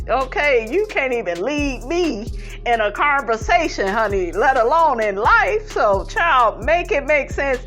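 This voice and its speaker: A woman's voice: high-pitched, lively intonation, normal speed, a bit bright, faint music behind. A woman, giving sassy casual commentary and reading out viewer comments, calling her viewers honey. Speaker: commentary host.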